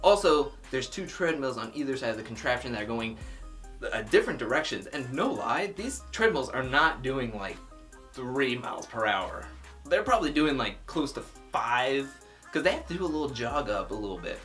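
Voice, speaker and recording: Reality tv recap vlogger, super animated pitch, lots of "like", chill opinionated chat. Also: normal speed, faint music behind. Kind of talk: casual episode recap commentary.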